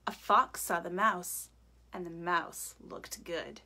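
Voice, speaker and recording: A woman, a teacher type, reading a picture book aloud to children in a gentle, chatty way. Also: on the low side, takes it slowly.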